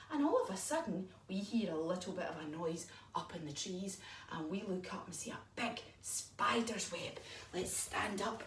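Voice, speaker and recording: A woman's voice: on the low side, normal speed, a little hiss or hum. Lady teaching kids yoga, sing-songy and upbeat, echoey room, mic kinda far. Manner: animated, encouraging, sing-song. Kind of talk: storytelling yoga lesson for children.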